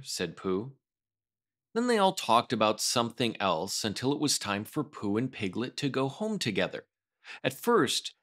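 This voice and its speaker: Animated male storybook reader. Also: fairly low pitch. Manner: expressive, animated. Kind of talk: storybook read-aloud.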